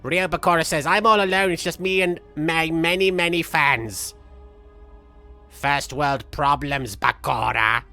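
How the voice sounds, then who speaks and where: A man's voice: a little high, unhurried, bright, forceful tone, full character voice. A man streaming a game in the persona of a vain, theatrical cartoon villain, reading chat aloud and joking. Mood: playful. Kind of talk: live game stream chat with in-character banter. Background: faint game music.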